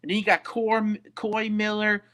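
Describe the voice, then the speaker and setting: A man's voice: high voice, flat delivery, moderate pace, pushed and bright. A young man hosting a casual college football preview, talking in a chatty, hyped way with plenty of fillers. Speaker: sports show host. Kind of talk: casual sports preview talk.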